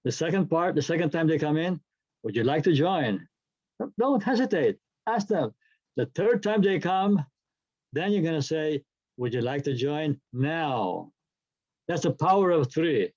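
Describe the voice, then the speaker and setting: A man's voice: fairly high pitch, a little mellow, muffled recording. A man presenting a workshop, talking emphatically and repeating key phrases for the audience. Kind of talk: workshop talk.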